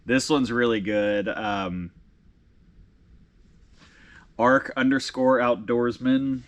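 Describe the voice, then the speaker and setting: A man in his thirties hosting a casual vlog, reading fan messages aloud, halting and emotional with frequent restarts. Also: mid-range voice, steady tone. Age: 30s. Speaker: vlog host and tattoo artist.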